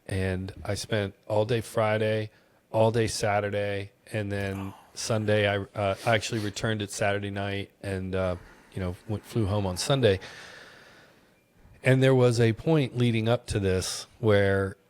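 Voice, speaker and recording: A man's voice: fairly low pitch, measured pace, clear, resonant tone, no room sound. A man telling a travel story with lots of energy and frequent laughs in a casual interview conversation. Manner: animated storyteller, laughs often. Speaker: podcast conversation partner.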